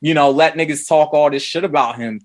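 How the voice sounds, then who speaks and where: A man co-hosts a podcast in loose casual chat. His voice sits a little high, and he rambles, restarts and swears freely. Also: a little fast. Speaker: podcast co-host. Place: DC area.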